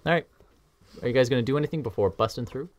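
A game master narrating a tabletop game in a playful, lively way. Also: mid-range voice, very fast.

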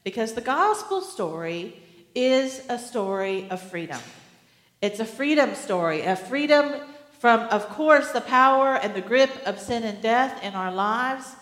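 A woman pastor preaching a sermon in an earnest way, with gentle humor. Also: a little high, animated, a little slow, reverberant, in a large hall.

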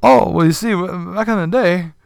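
A man's voice: high voice, normal speed, creaky, a little mellow, clean tone, no echo, clean studio sound, pitched above the performer's own voice. A man voicing an older male piano player who talks in a humble, polite and deferential way.

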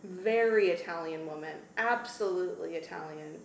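A woman co-hosting a podcast in casual chat, opinionated and animated, with plenty of "like". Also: lowish voice, normal speed, vocal fry. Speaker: podcast co-host. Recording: echoey room, faint noise.

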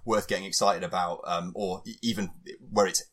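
A man hosting a casual film review chat, wry and animated. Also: deep voice, fairly quick. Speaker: podcast host.

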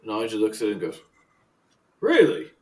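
A man in an even middle pitch narrates a tabletop game as game master. He rambles in a relaxed way, with fillers and restarts. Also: moderate pace.

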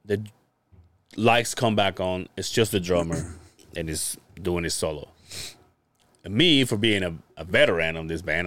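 A man with a somewhat low voice tells a story on a casual podcast. He is animated, breaks into laughter often and swears freely. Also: measured pace, long pauses, dry recording. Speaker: podcast co-host. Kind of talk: casual chat.

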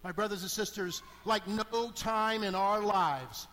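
A middle-aged man, a deacon, preaching a sermon in a church, animated and swinging between hushed asides and emphatic calls. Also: sits high, unhurried, a little hiss or hum. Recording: long hall reverb.

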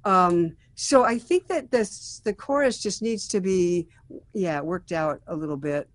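A woman's voice: on the low side, unhurried, no echo. A woman acting as a songwriting mentor, giving thoughtful feedback on a song draft with frequent restarts and fillers.

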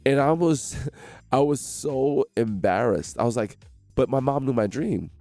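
Gravelly-voiced man telling stories. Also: mid-range voice, unhurried, no echo, soft background music. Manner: animated, acts out quoted voices. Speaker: radio interview guest. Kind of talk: storytelling in a radio interview. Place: radio studio.

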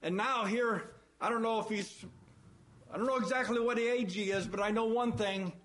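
A man's voice: high voice, normal speed, fairly bright tone. A man preaching a sermon, emphatic, repeating his phrases and asking rhetorical questions.

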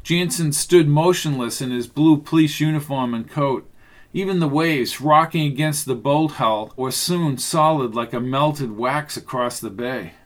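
A man reading a novel aloud as narrator, in a steady, measured way. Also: fairly high pitch. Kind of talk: audiobook narration.

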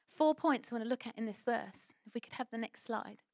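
Animated woman preaching. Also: a little high, brisk, hardly any pauses, dry recording. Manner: animated storytelling, acts out quoted voices. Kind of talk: sermon with personal story.

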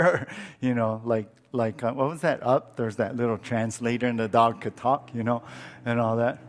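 Male pastor, Bible teaching, lively and chatty, middle pitch. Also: moderate pace. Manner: conversational, animated, many fillers and restarts. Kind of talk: expository Bible teaching sermon.

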